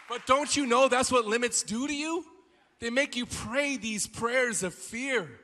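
A man preaching a sermon as pastor, swinging from quiet, low passages to shouted peaks. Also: a little slow, a faint crowd. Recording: long hall reverb.

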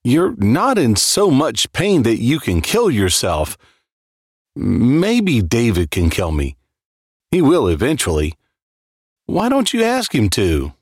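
Slow, brooding male horror narrator. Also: medium pitch, slightly rough, no room sound, studio quality. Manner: brooding, deliberate delivery. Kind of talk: dramatic reading of a horror story.

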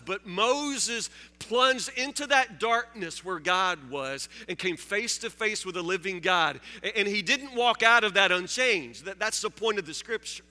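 A man preaching a sermon, halting and repeating words, joking with his listeners. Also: high-pitched, bright, forceful tone. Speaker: pastor. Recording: long hall reverb.

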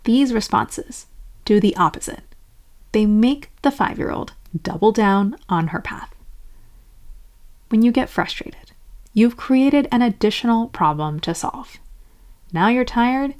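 Woman, self-help host, scripted explainer narration, animated quoted asides. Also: on the high side, unhurried, long pauses. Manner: acts out inner-voice examples in lively quoted asides.

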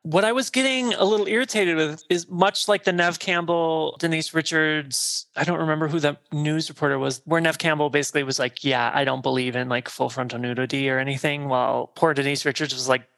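A man co-hosting a casual movie podcast, talking in an effusive, gossipy way full of "like" and quick asides. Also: on the high side, steady tone, vocal fry, fairly bright tone. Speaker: podcast co-host.

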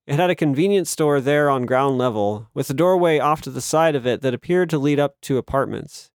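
A man narrates a fantasy novel aloud in a steady, measured way, working as an audiobook narrator on scripted material. His pitch is medium, and the studio-quality recording has no room sound.

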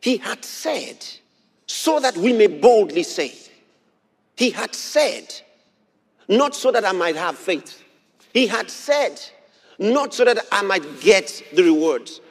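Husky high-voiced preacher guy, lots of emphasis, echoing big hall. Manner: emphatic, repeats phrases, reads scripture aloud, bursts into shouts. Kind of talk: sermon. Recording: long hall reverb.

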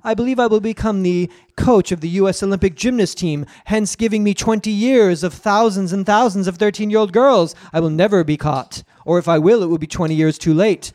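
A man puts on a creepy doctor who introduces himself in a stiff, formal, self-assured voice. The delivery is loud and proper, with a sinister smugness. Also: high-pitched, fairly quick, hardly any pauses, dry recording, clean studio sound, natural voice. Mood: smug. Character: creepy male doctor, smug predator.

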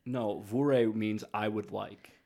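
A man's voice: on the low side, fairly even intonation, measured pace, creaky, a little mellow. A man co-hosting a podcast, telling rambling travel stories in casual chat and mocking himself. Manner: rambling storyteller, self-mocking. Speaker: podcast co-host.

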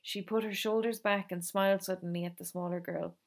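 A woman reading a novel aloud in a calm, steady storytelling manner. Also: mid-range voice, a little fast, vocal fry. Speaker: reader.

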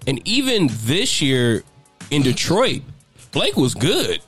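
A man's voice: a little high, wildly swooping pitch, slow, fairly bright tone, breathy edge, faint music behind. A man in a casual sports debate, arguing loosely with lots of "like" fillers.

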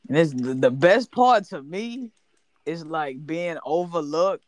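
A man's voice: fairly high pitch, slight background noise. A man chatting casually with friends, teasing and laughing as he talks. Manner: playful, teasing, drawn-out laughing remarks. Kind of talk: casual group chat.

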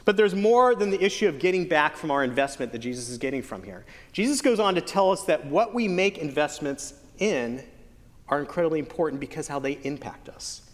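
A man preaching a sermon as pastor, earnest with playful joking asides and slow, stretched emphasis on key phrases. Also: on the high side, very animated. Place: church sanctuary. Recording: long church hall reverb.

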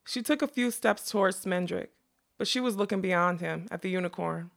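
A woman narrating a fantasy novel as an audiobook, in a measured, expressive storytelling manner. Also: on the low side, vocal fry.

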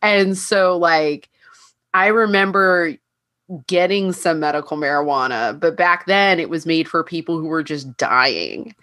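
Slow, animated low-voiced woman. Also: no room sound, clean studio sound. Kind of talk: casual chat.

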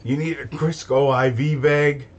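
A man's voice: medium pitch, steady tone, a little slow, dull audio, noisy background. A man co-hosting a casual comedic chat, giggling often and egging his partner on. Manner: giggly, eggs the other on.

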